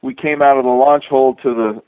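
A middle-aged man, a former astronaut, telling a relaxed, wry anecdote with a dry sense of humor and many fillers. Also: mid-range voice, moderate pace, dry recording. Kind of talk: storytelling anecdote. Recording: tinny dry phone-like line.

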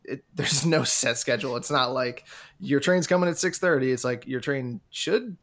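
A man's voice: medium pitch, moderate pace. A man, co-hosting a podcast, telling a long story in a casual way and acting out his own panic. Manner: animated, acts out his own panic in a raised voice. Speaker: podcast co-host.

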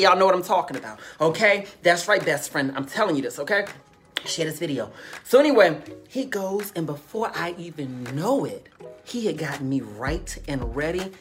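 A woman telling a candid story to her viewers in a casual, animated way, calling them honey and baby and repeating phrases for emphasis. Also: deep voice, brisk, faint music behind.

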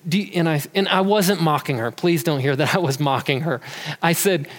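A man's voice: on the high side, a little fast. A man giving an earnest, conversational talk about emotions who sometimes repeats words as he goes. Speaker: speaker on emotions. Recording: long hall reverb.

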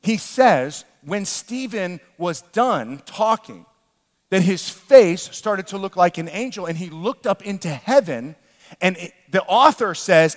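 An animated male pastor delivers a sermon, his voice pitched high for a man. He moves between quiet storytelling and fervent shouting. A long hall reverb trails every phrase. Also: measured pace.

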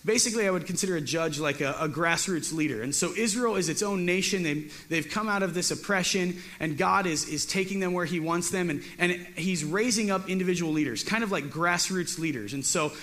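A man's voice: high voice, brisk, few pauses, fairly bright tone. A man teaching a casual Bible lesson as a youth pastor. He is chatty and joking and often repeats his words.

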